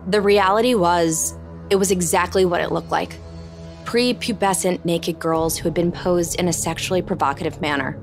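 Low-voiced woman narrating a podcast. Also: moderate pace, faint music behind. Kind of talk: scripted narration.

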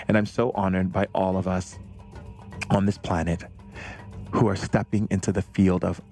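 A man's voice: deep voice, steady tone, normal speed, a little mellow, soft background music. A man hosting a podcast, giving an effusive, affectionate spiritual monologue. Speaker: podcast host.

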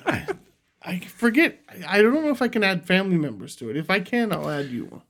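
A man's voice: high-pitched, very animated, a little fast, a bit bright. A man co-hosting a podcast in loose, joking casual chat, laughing often. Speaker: podcast co-host.

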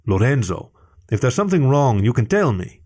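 A man voicing a warm, jovial older male otter father who speaks expansively and drops in Italian phrases in a read-aloud story. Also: medium pitch, sing-song, moderate pace, slightly rough.

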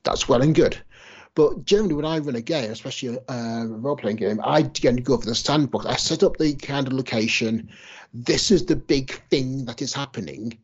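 Male co-host, husky, relaxed and hedging, lo-fi podcast sound. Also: mid-range voice, fairly quick. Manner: relaxed, hedging with fillers like "kind of". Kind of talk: casual podcast conversation. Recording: dull lo-fi podcast audio.

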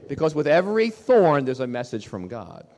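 Animated male preacher in a reverberant hall. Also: mid-range voice, moderate pace. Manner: emphatic, repeats key phrases, asks the audience questions. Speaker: pastor. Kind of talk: sermon.

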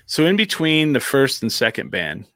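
Rambling, animated man telling a bar story. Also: medium pitch, moderate pace, no room sound, studio quality. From New Mexico. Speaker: podcast host. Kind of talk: casual storytelling.

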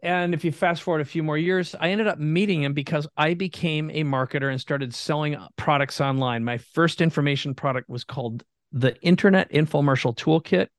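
A man from Minnesota telling his story as a guest entrepreneur in an earnest, animated way. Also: on the high side, brisk, hardly any pauses, no room sound, clean studio sound. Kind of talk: conversational storytelling.

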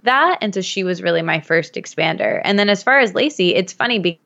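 A woman's voice: medium pitch, lively intonation, brisk, vocal fry, fairly bright tone. Woman, 30s, from Michigan, chatty storyteller, lots of fillers, slightly dull audio. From Michigan, USA. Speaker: podcast guest. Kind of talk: casual podcast conversation.

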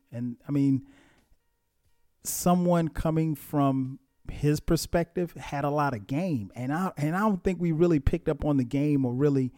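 A middle-aged man hosts a casual storytelling podcast in a mellow, relaxed voice. He reminisces in a self-mocking way and chuckles often. The sound is close and dry. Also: medium pitch, no room sound. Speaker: podcast host.

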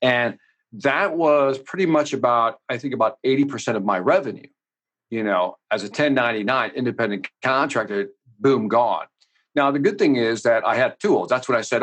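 A man's voice: medium pitch, moderate pace, fairly bright tone. A man from the United States, a sales coach talking energetically with emphatic asides in a casual podcast interview.

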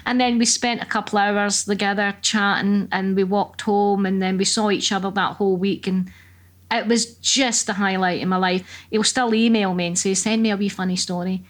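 A Scottish woman, appearing as a comedian guest in a casual chat, tells stories in a lively, profane, sweary way. Her voice is mid-range and moderately paced.

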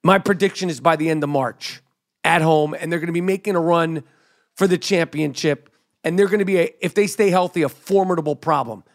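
Man, podcast host, high voice, animated and emphatic, sports monologue, studio mic. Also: fairly quick. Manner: animated, emphatic, drops to mock whisper. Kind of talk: energetic sports commentary monologue.

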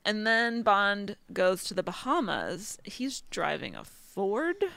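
Creaky-voiced woman recapping a film. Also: medium pitch, big pitch swings, takes it slowly, fairly bright tone, no room sound. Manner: wry, laughing recap with acted-out quotes. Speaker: podcast co-host recapping a film. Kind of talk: casual podcast chat.

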